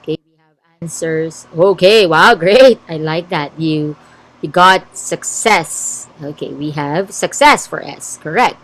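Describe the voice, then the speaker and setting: On a rough recording, a woman with a low, unhurried voice and a Filipino English accent runs an online word game for her students. She reads out their answers and checks them aloud, offering encouragement.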